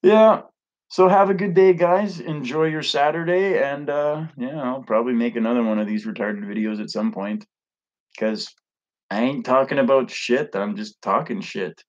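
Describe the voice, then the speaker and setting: A man's voice: mid-range voice, normal speed, lo-fi sound. A man ranting casually to camera as a vlogger, blunt, profane and rambling.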